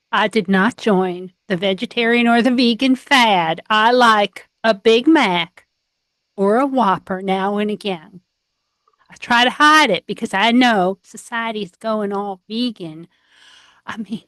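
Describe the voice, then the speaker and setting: A woman's voice: medium pitch, slow pace, a bit bright, no echo. A woman playing an improv comedy game over a video call, joking in a dry, matter-of-fact way. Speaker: improv player.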